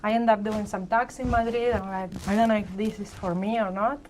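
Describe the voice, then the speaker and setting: A woman with a Spanish accent talks through her career as a panel guest. Her manner is chatty and she keeps checking in with her listeners. Her voice sits at a middle pitch over faint background noise. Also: fairly even intonation, fairly quick, darkish tone. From born in Argentina, grew up in Spain. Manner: chatty, tags sentences with "right?". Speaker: panel guest, treasury leader. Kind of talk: personal story on a live panel.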